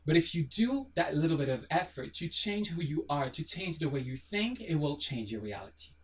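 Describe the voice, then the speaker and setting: A blunt, sassy host talking straight to camera in a motivational monologue, firing off rhetorical questions and tossing in a casual swear. The voice sits at a middling pitch. It sounds like it was recorded a little back from the mic. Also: sing-song, moderate pace, far from the mic. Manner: swears casually, apologizes jokingly. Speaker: manifestation video host.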